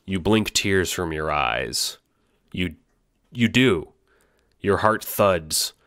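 A man narrating an audio drama in the second person, moving between hushed dread and panicked cries. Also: deep voice, expressive, drawn-out words, dry recording, clean studio sound. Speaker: narrator and voice actor.

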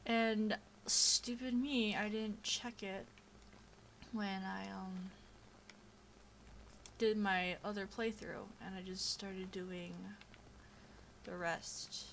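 A young woman chatting casually over her gameplay, drifting between stories and what's on screen. She talks slowly at a middling pitch into a home computer mic. A faint hiss sits behind her. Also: fairly even intonation, fairly bright tone. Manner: chatty and easily distracted, with frequent fillers. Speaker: gameplay commentator. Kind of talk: casual gaming commentary. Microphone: home computer microphone.

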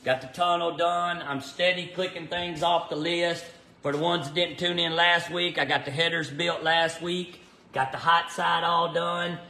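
A man talks casually to his livestream viewers from a garage workshop. His voice sits a little on the high side, and the bare shop walls give it a roomy echo. He rambles easily, stacking up fillers and calling out viewers by name. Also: steady tone, a little slow, gravelly, bright, forceful tone. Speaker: race car builder livestreaming from his shop.

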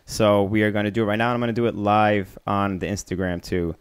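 A young man co-hosting a podcast in a relaxed, casual way, running through shout-outs and giveaways. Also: lowish voice, quick pace, clean tone, dry recording, studio quality. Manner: relaxed, runs the segments and giveaways. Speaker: podcast co-host.

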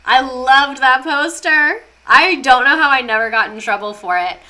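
A woman's voice: sits high, normal speed, sharp tone. A young woman streaming a casual history lesson, chatty and sarcastic, reading chat aloud as she goes.

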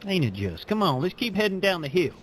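A man's voice: sits high, very animated, fast talker, a little hiss or hum. A man, politely calling others sir. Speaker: fellow roleplayer. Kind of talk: in-game roleplay chat.

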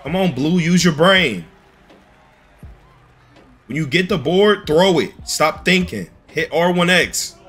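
A man on game voice chat with a bright, forceful edge to his voice. He talks bluntly, scolding and nagging his teammates as they play. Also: fairly high pitch, expressive, slow pace, long pauses, husky, faint music behind. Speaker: streamer playing online basketball game.

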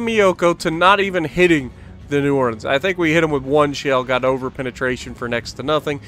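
Talking briskly, this gaming channel host jokes around with viewers and sometimes tells off the game as he plays. His voice sits fairly high and sounds bright over quiet game music.

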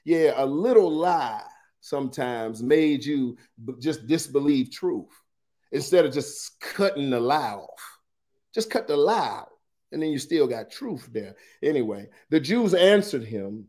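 A man's voice: medium pitch, animated, unhurried. A man leading a morning Bible study, reading scripture dramatically with colloquial asides. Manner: dramatic scripture reading, shifts loudness and pace widely.

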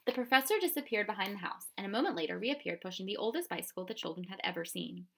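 A woman narrating a children's chapter book in a measured, expressive reading. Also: medium pitch, vocal fry, slight background noise. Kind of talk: storybook narration.

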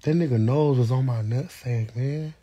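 A young man telling a gossipy story on a livestream, dramatic, with sudden high shrieks and whispers. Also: normal speed, warm tone, slightly rough, no room sound. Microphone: phone.

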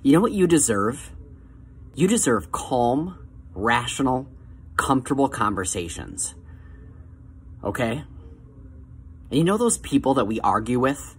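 A man giving calm, coaxing motivational advice straight to the viewer, slowing down on key phrases. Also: mid-range voice, husky. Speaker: self-help vlogger.

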